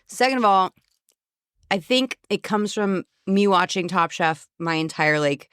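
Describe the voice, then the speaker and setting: A woman's voice: medium pitch, animated, measured pace, fairly bright tone, smooth, no room sound, clean studio sound. A woman co-hosting a podcast, chatting casually in a bubbly, self-mocking way and laughing often. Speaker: podcast co-host. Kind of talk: casual chat.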